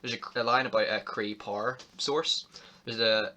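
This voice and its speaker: A teenage boy co-hosting a casual film review podcast, eager and quick to laugh along. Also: lowish voice, steady tone, bright, forceful tone, slight background noise. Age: teens. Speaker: podcast co-host.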